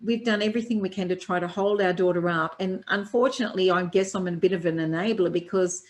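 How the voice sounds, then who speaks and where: An older woman, a Reiki teacher being interviewed, telling a personal story in a lively way and acting out the voices of people she quotes. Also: fairly low pitch, fast talker. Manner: lively storyteller who acts out quoted dialogue.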